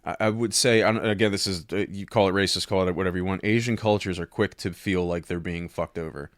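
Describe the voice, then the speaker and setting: Lowish-voiced man telling sales stories. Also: fast, dry recording, clean studio sound. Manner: animated, acts out customers' voices, swears freely. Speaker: former car salesman, podcast guest. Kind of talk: casual storytelling chat.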